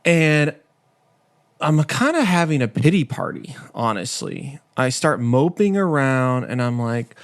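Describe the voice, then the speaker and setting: A man's voice: mid-range voice, sing-song, unhurried, no echo, studio quality. A man hosting a podcast, telling a personal story in a candid, conversational and self-deprecating way. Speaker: podcast host. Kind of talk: casual storytelling monologue.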